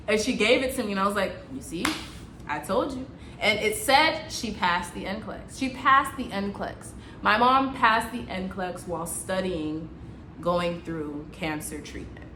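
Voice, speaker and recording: Bright-voiced young woman telling a story. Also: medium pitch, reverberant, slight background noise. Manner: animated, emphatic, lots of "like". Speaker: nurse vlogger. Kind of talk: personal storytelling vlog.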